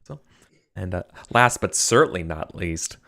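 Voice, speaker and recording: Low-pitched American man, chatty game master hosting a stream, rambles and laughs easily. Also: expressive, unhurried, vocal fry, fairly bright tone. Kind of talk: casual live-stream game intro.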